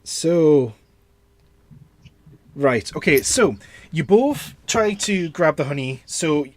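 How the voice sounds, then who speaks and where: A man running a tabletop game as its game master. He narrates in an animated, up-and-down voice that sits a little high. He pauses and laughs often as he improvises. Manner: lively, laughing, halting narration.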